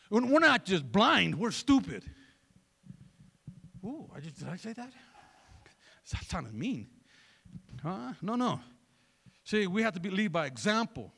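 A man preaching a sermon in an animated way, throwing joking asides to the congregation. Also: high voice, a little slow, creaky, long pauses, breathy edge. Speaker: pastor.

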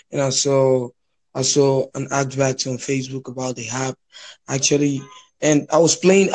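A young man from Nigeria with a Nigerian accent, chatting casually on a podcast, often pausing and restarting his sentences. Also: mid-range voice, a little mellow. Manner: hesitant, many restarts and fillers. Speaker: podcast guest. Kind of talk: casual chat.

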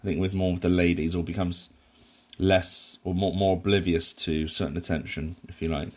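A man's voice: sits low, steady tone, normal speed, a little mellow. A man giving a casual, rambling commentary on a sitcom episode, with frequent restarts and asides. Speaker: podcast host reviewing a sitcom.

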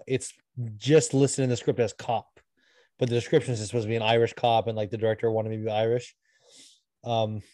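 A man's voice: medium pitch, warm tone, no echo. A man co-hosting a podcast, telling stories loosely and swearing, while a bit sick. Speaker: podcast co-host. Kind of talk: casual podcast chat.

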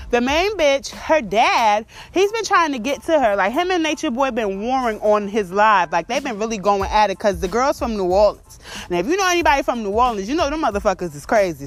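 A woman hosting a gossip commentary, talking bluntly and animatedly and swearing freely. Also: mid-range voice. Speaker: commentary host.

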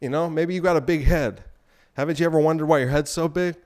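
A man's voice: a little high, fairly even intonation, quick pace, a little mellow. A man hosting a solo podcast, rambling in a provocative, irreverent way while out of breath from exercise. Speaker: podcast host.

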